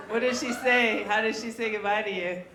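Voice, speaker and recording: A woman's voice: fairly high pitch, heavy background noise. Woman, stand-up comedian, rambling, chatty, open mic, echoey club room. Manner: chatty, rambling, talks to the crowd.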